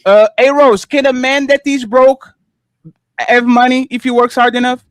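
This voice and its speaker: A man's voice: very high-pitched, fairly even intonation, normal speed, clear, resonant tone, dry recording. A man hosting a live panel discussion, stammering and repeating himself as he tries to keep order. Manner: interrupting, moderating, repeats himself. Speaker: panel show host.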